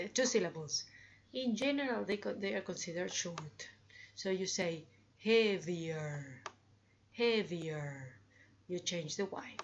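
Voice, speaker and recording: A woman's voice: lowish voice, dull audio, a little hiss or hum. A woman teaching English comparatives, drawing out her examples and cheerfully prompting her students. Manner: slow, drawn-out examples with upbeat prompts. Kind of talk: grammar lesson.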